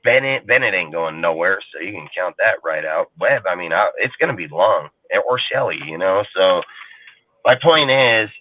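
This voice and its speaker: A man's voice: sits low, lively intonation, normal speed, a little hiss or hum. A man talking football on a casual sports talk show, rambling, profane and heated. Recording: tinny phone-like line, dry.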